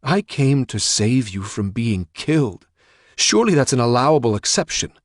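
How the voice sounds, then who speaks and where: A man's voice: medium pitch, big pitch swings, moderate pace, no room sound, clean studio sound, voice pushed up, natural voice. A man voicing an anxious, protective father who pleads and defends himself. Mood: defensive.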